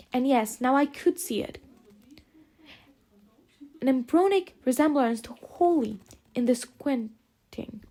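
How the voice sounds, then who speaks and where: A woman reading an audiobook aloud, narrating in measured, phrase-by-phrase delivery. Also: high voice, darkish tone. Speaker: audiobook reader. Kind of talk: scripted narration.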